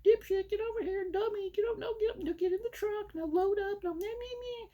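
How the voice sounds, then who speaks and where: A shrill, frantic neighbor in mocking falsetto. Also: male voice, brisk, warm tone. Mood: frantic, squabbling. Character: shrill bickering dog-owning neighbor, frantic.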